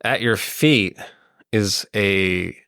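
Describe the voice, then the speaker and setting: A deep-voiced man runs a tabletop game at an unhurried pace, wandering through his descriptions with plenty of ums and likes. His voice is close and dry, with no room sound. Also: a bit bright, smooth, no room sound. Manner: meandering, full of ums and likes. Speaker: game master.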